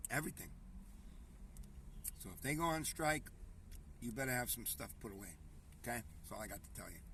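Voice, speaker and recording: A man's voice: lowish voice, gravelly, pushed and bright, distant mic, a little hiss or hum. A man hosting a casual commentary show, reading news headlines aloud and riffing on them in a rambling, conversational way, often calling his viewers folks.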